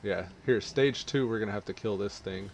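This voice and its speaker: A man's voice: on the low side, a little fast, vocal fry, slight background noise. A man casually talking through his online game session, chatting and thinking aloud as he plays. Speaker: gaming streamer. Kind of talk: casual gameplay commentary.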